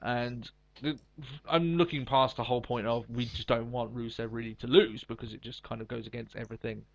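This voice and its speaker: This podcast co-host has a gravelly, medium-pitched voice with a steady tone and a fairly quick pace. Chatting casually about wrestling, he gives blunt opinions and curses freely over slightly dull lo-fi audio.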